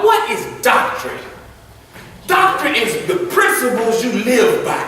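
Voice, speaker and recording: Brief: a high, bright deacon teaching Sunday school, folksy and laughing, in an echoey church. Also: male voice, wildly swooping pitch, unhurried. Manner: folksy, laughing, repeats himself. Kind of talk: Bible lesson. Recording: echoey church room from far off.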